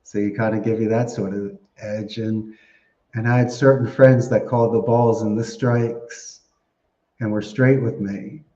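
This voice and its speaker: A man answering podcast questions in a chatty, animated way, laughing often as he tells stories. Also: fairly low pitch, measured pace. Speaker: podcast guest. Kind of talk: casual interview answers. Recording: roomy, dull lo-fi podcast audio.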